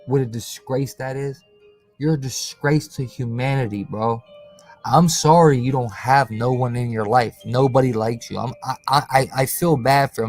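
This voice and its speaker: A man hosting his own channel, ranting casually on a livestream, confrontational and slangy, tacking "bro" and "cuz" onto his lines. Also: medium pitch. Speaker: conspiracy channel host.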